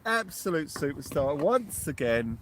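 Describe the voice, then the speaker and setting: A man hosting a live fishing stream outdoors on the shore at night, giving excitable commentary and thanking his supporters one by one. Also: on the high side, a little slow, loud music behind the voice. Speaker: fishing livestream host.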